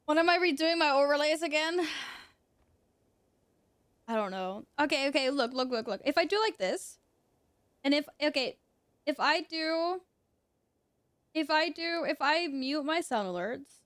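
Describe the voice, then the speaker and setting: High-voiced giggly woman streamer. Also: animated, a little slow, long pauses, fairly bright tone, dry recording, studio quality. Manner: giggly, exclaiming, talks to chat. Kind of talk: casual gaming stream chat.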